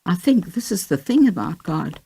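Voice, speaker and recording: A teary, earnest young woman facing cancer, read by a woman in an audiobook. The voice sits low and dark with a gravelly, husky edge, and it rises and falls a great deal as she speaks. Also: very animated, normal speed, heavily acted. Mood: reflective. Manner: teary, heartfelt. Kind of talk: audiobook reading of a memoir.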